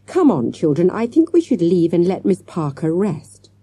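A woman's voice: on the low side, very animated, moderate pace, dark tone, breathy edge, no room sound, voice pushed up. Woman doing a flustered male schoolteacher. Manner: flustered, anxious. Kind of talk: audiobook character voice.

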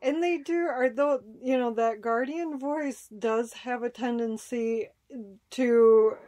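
A woman's voice: fairly high pitch, dark tone. A woman hosting a podcast, affirming and thoughtful as she interviews her guest. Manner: affirming, measured. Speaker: podcast host. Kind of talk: casual interview.

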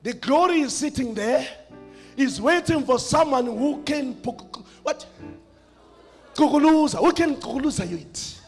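A man from South Africa with a South African accent preaching a sermon, with rhythmic, half-sung, shouted phrases. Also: very high-pitched, lively intonation, normal speed, vocal fry, husky, faint music behind.

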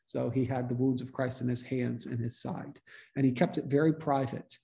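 Man, priest, study-group teaching, gravelly, dark tone, conversational. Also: mid-range voice, normal speed. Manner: relaxed, conversational, with frequent restarts. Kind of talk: informal teaching talk. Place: church meeting room.

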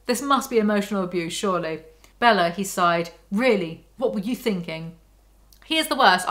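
Sarcastic woman with a bright, forceful voice. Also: mid-range voice. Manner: sarcastic, mocking asides between dry readings. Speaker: book commentary YouTuber. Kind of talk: sarcastic book breakdown with read-aloud passages.

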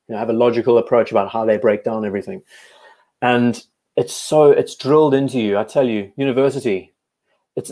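South African male host, mellow warm tone, casual enthusiastic live-stream chat. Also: mid-range voice. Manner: chatty, enthusiastic, frequent restarts.

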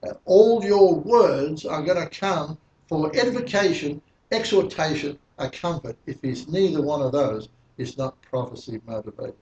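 A man's voice: a little high, animated, normal speed, hardly any pauses, darkish tone, dull audio. A male preacher teaching a sermon verse by verse, putting questions to the congregation. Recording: echoey hall, mic at a distance.

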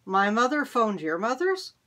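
A woman voicing an eager, anxious young schoolboy in a storybook reading, speaking in a raised, excited voice. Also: fairly high pitch, a little slow. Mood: bewildered.

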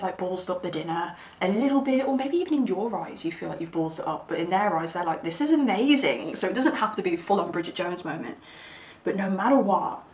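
A woman's voice: medium pitch, darkish tone. Chatty giggly woman, roomy far-off sound. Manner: chatty, giggly, rambling with frequent fillers. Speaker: tarot reader. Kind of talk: casual tarot reading to camera. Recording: roomy sound, mic at a distance, faint background hiss.

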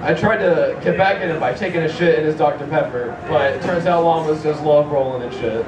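A man's voice: fairly high pitch, a little fast, a crowd in the background. A man doing a stand-up set, telling a rambling absurd story and giggling between lines. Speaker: stand-up comedian. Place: comedy club stage. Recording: echoey club from a distance, noisy.

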